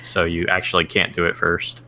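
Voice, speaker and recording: A man's voice: sits low, monotone, moderate pace, pushed and bright, a little hiss or hum. A man making brief, matter-of-fact remarks in a casual chat about a game.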